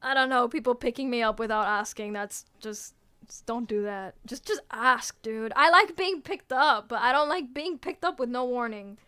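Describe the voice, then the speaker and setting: Her fairly high voice is sharp yet clear and resonant, moving at a moderate pace. A young woman VTuber, she casually answers viewers on stream, teasing and laughing frequently and stopping herself mid-sentence.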